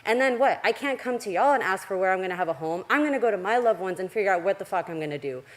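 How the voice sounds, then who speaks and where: A woman's voice: medium pitch, animated, fast talker. Furious woman ranting at a city council mic, swears a lot, heart racing. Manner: angry, blunt, profane. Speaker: public commenter. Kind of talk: public comment at a council meeting. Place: council chamber.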